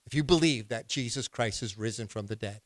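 A male pastor preaching a sermon, asking the congregation questions and building to loud, emphatic bursts. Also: fairly low pitch, fairly quick, no echo.

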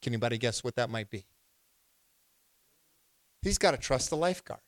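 A man's voice: medium pitch, expressive, a little fast, dry recording. Preacher man, dry close sound. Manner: preaching with rising, emphatic outbursts and questions to the congregation. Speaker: pastor. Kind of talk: sermon.

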